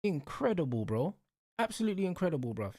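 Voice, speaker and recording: A man's voice: a little high, big pitch swings, quick pace, warm tone, dry recording, clean studio sound. A young man, hosting and ranting casually about football in heated, repetitive street slang. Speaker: show host.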